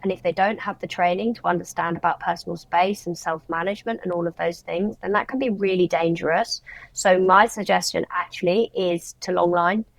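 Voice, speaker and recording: Woman co-host, horse trainer; lowish voice, dry close sound, practical and explanatory. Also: steady tone, fairly quick, gravelly, no room sound. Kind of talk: casual podcast conversation.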